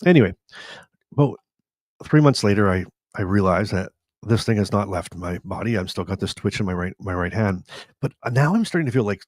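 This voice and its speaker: A man in his forties, from Canada, hosts a live stream and tells his own story in a candid, rambling way, acting out what people said. His voice sits a little low and is recorded dry and close, with no room sound. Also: fairly quick, no echo. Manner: candid, rambling, animated retelling with self-quotes. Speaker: host.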